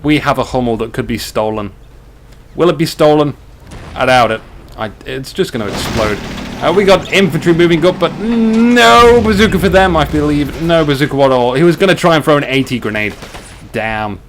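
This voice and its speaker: A man calls a live strategy match in a loose, excitable way, joking with the players as he goes. His voice sits a bit high and he is hiccuping. A faint hiss sits under the recording. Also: moderate pace. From Australia. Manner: chatty, excitable, jokey. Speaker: game commentator. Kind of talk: live strategy game commentary.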